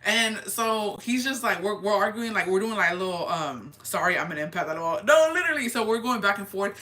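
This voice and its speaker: Bright-voiced chatty woman. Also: medium pitch. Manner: animated, quick, swears freely, slips into Spanish. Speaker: vlogger. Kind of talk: casual storytime chat.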